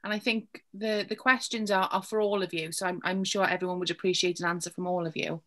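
A woman's voice: on the low side, steady tone, fast talker, pushed and bright. A woman moderating an online panel, greeting viewers in a friendly way and reading out audience questions.

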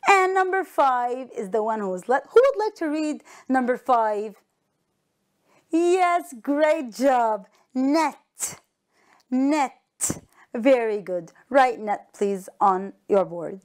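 A woman teaching an English lesson to young children on a broadcast, encouraging them and repeating each word slowly and clearly. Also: a little high, animated. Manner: encouraging, slow and clearly enunciated, repeats words.

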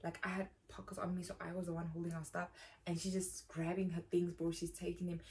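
A woman's voice: fairly low pitch, flat delivery, brisk, darkish tone, a little hiss or hum. Rambling young South African woman. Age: young adult. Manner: rambling, slangy, says "bro" often. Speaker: YouTuber. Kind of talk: casual storytime.

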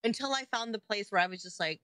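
Animated, laughing young woman co-host. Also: medium pitch, fast, clear, resonant tone, no room sound. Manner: animated, laughing, swears freely. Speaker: podcast co-host. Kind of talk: casual chat.

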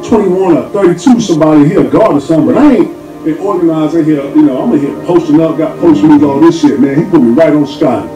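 Middle aged guy telling a story all animated, doing everyone's voices, cussing, roomy sound w music under it. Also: on the high side, quick pace. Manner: acts out voices of people in his story, swears freely. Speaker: podcast guest telling a story.

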